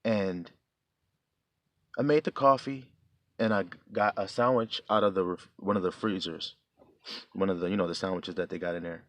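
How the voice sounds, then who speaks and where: A man's voice: low-pitched, fairly even intonation, fairly quick, fairly bright tone, no echo. A man telling a heartfelt personal testimony in a plain-spoken, casual way as he preaches. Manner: earnest, heartfelt storytelling.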